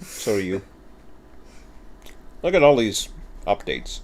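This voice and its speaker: Low-voiced man rambling while streaming. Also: huge pitch swings, takes it slowly, a little hiss or hum. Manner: rambling, chatty, self-mocking. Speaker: game streamer. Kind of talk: casual livestream chatter.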